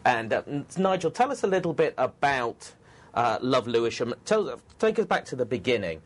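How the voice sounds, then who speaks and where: A man hosting a panel discussion, putting brisk, informal questions to his guests. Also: medium pitch, sing-song. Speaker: host.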